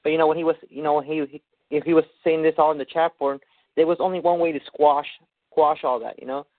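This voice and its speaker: A man's voice: a little high, fairly even intonation, quick pace, no room sound. A man chatting casually on a call, rambling with lots of "like" and "you know". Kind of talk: casual phone chat. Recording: tinny dry phone line.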